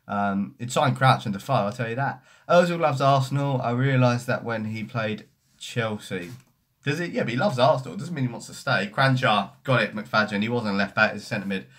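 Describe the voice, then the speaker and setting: A man's voice: mid-range voice, a little fast, fairly bright tone. A young man hosting a football fan live stream, chatting casually and swearing as he reads comments. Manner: sweary, mocking banter. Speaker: football fan livestream host.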